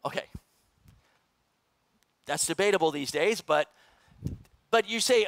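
A middle-aged man, a pastor, preaching in a church, animated and joking with the congregation. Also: sits high, normal speed, long pauses, no echo. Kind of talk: sermon. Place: church sanctuary.

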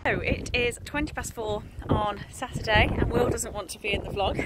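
A woman's voice: a little high, moderate pace, few pauses, very noisy. A young woman talking casually to camera as a book vlogger, chatty and self-deprecating, often rambling. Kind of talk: casual vlog chat.

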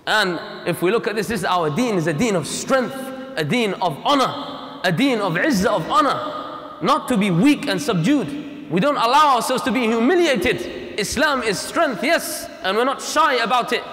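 A man's voice: high voice, animated, moderate pace, pushed and bright. A man giving a Friday sermon in a mosque, impassioned and emphatic, repeating key lines and mixing in Arabic phrases. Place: mosque prayer hall. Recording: long reverb of a mosque hall.

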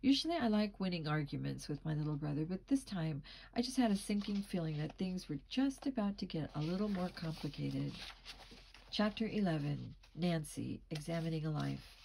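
Audiobook reader, woman, slightly low pitch, steady pacing, small stumbles. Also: moderate pace, gravelly, a little hiss or hum, poor audio. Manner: steady reading with occasional slips and restarts. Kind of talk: storybook narration.

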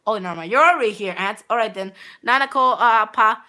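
A woman's voice: a little high, fairly quick, pushed and bright. A woman streaming live gameplay who rambles to her viewers, repeating herself and restarting her sentences with many fillers. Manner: rambling, repeats words, talks straight to viewers.

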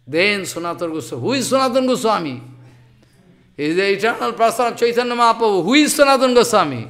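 Man, high-pitched voice, fervent sermon, broken English, sudden loud bursts. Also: lively intonation, fast. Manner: impassioned, scolding, swings between loud outbursts and hushed asides; non-native English with broken grammar. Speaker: spiritual teacher. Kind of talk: devotional sermon.

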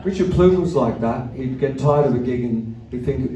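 A man's voice: medium pitch, moderate pace, hardly any pauses, mellow, slight background noise. An older man, a musician on stage, telling rambling, wry anecdotes between songs, swearing and chuckling. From Australia. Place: arts centre concert hall. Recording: echoey venue from a distant mic.

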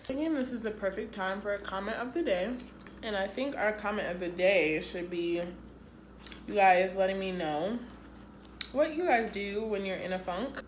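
A young woman chats to her camera in a casual vlog, self-deprecating and lively. Her voice sits in the middle of the range for a woman. The room is echoey, with faint noise behind her. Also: medium pitch. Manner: chatty and self-deprecating, with drawn-out excited exclamations. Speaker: vlogger.

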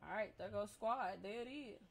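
A young woman live streaming a game, chatting casually with her squad, blunt and profane, breaking into loud laughs. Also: medium pitch, normal speed, gravelly, slightly rough. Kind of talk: casual gaming stream chat. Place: at home in a gaming chair.

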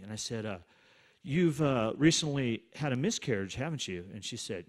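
Man telling a casual prayer testimony. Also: medium pitch. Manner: conversational, relaxed, quick asides. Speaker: minister sharing a testimony. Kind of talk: storytelling testimony.

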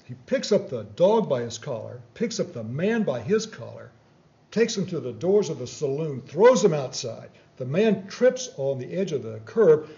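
Measured, hesitant male lecturer. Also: a little high, mellow, muffled recording. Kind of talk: lecture Q&A, telling a joke.

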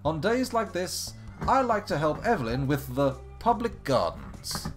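A man's voice: on the high side, huge pitch swings, unhurried, soft background music, voice pushed up. A man reading as a cheerful village gardener woman. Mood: pleasant. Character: friendly middle-aged village woman who gardens.

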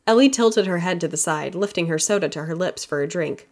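Fairly quick and consistently even, a woman with a somewhat low voice for her sex narrates an audiobook, giving the text a plain, steady scripted reading.

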